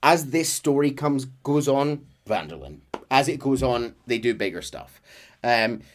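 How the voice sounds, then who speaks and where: A man's voice: mid-range voice, animated, unhurried, a little hiss or hum. Casual podcast man, rambling recap, frequent ums and false starts. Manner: rambling storyteller, many ums and restarts, slips into quoted voices. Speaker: podcast host recounting a game's story. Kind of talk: casual chat.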